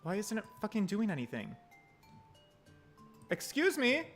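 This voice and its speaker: A man's voice: sits high, wildly swooping pitch, unhurried, fairly bright tone, soft background music. An American man casually commenting on a game while streaming, profane and rambling.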